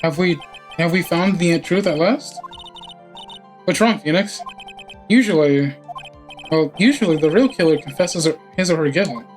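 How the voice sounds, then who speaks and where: A man voicing a slow, bewildered judge in measured, halting sentences. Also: a little high, faint music behind, lightly acted. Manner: halting, ponderous. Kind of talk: game dialogue read aloud.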